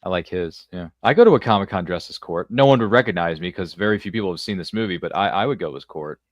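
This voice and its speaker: A man hosting a casual movie watchalong, chatting in quick, chatty movie-fan banter. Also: sits low, no echo, highs cut off. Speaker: watchalong host. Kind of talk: casual chat.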